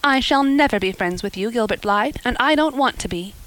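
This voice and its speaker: A woman's voice: on the high side, animated, fairly quick, fairly bright tone, no echo, voice pushed up, rough recording. A woman voicing an impulsive, romantic young girl who talks earnestly and at length in a storybook reading. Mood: cold. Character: eager young woman, chatty, romantic, spirited.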